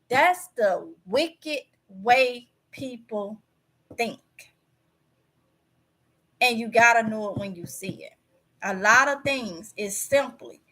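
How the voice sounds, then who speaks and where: Woman, livestream host; bright, slightly high voice; emphatic, preachy delivery. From Mississippi. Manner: preachy, emphatic, repeats words for stress. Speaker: YouTube channel host. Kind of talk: casual livestream talk.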